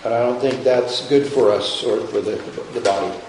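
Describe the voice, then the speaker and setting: A man preaching a sermon in a conversational, halting way, often restarting and repeating his words. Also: medium pitch, echoey room, background noise. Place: church sanctuary.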